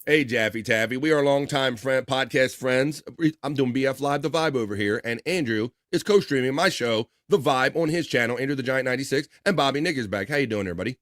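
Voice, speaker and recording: A man's voice: medium pitch, a little fast, few pauses, fairly bright tone, no echo, studio quality. A man hosting a casual live stream, rambling, laughing often and restarting his sentences. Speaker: livestream host.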